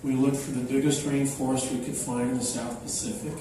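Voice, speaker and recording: An older man giving an unhurried, anecdotal talk to an audience, with many fillers, recorded from afar in a large echoey hall. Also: medium pitch, little pitch movement, far from the mic, noisy background. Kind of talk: public talk. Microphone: microphone, then unamplified.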